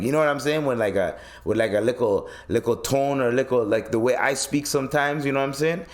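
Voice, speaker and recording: A man from East Africa, hosting a podcast and telling stories in a profane, animated rant. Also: mid-range voice, a little fast, hardly any pauses. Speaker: podcast host.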